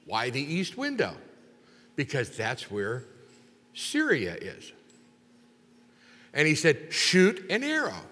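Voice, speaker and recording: A man in a mid-range voice preaches a sermon, telling the story with lively gusto and acting out each character. His voice rings through a large hall with a long reverb tail. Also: medium pitch. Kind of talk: sermon retelling a Bible story.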